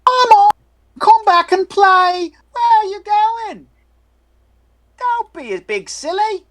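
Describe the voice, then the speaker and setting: A man voicing an eerie little boy who wants to play war, in a shrill, sing-song falsetto. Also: animated, takes it slowly, fairly bright tone, exaggerated voice. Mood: pleading. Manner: sing-song, childish, insistent.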